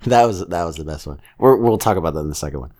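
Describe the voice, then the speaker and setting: A man's voice: deep voice, expressive, darkish tone. A man co-hosting a podcast, chatting casually and rambling about a film with strong opinions. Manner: rambling, opinionated, keeps slipping into quick character impressions. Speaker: podcast co-host reviewing a film. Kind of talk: casual chat.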